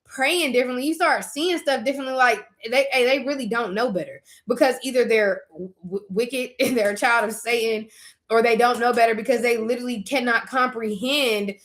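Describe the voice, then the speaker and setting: A young woman shares her faith in a casual vlog, talking frankly and turning to her viewers as if chatting with friends. Her voice sits a touch high and rings bright and forward. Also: brisk. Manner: candid, conversational, addresses viewers directly. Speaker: faith vlogger.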